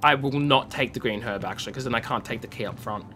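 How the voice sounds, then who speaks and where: Over slight background noise, an Australian man streaming a game talks fast in a medium-pitched, sharp voice. His commentary is chatty and joking, with playful grumbling.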